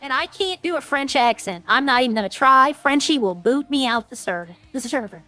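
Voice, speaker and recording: A woman's voice: high voice, animated, moderate pace, bright, forceful tone, soft background music. A woman streamer rambling in casual, self-deprecating chat with her viewers.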